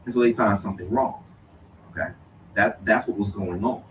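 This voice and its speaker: A man's voice: on the low side, normal speed, a little hiss or hum. A man appearing as a lawyer guest on a radio show, explaining points with frequent "you know" and "okay". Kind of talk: radio debate. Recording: roomy distant sound with faint ambience.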